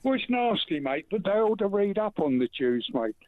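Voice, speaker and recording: Blunt male phone-in caller, fairly high voice, dry tinny phone line. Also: sing-song, normal speed, no echo. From England. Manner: blunt, keeps saying mate. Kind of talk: phone-in call.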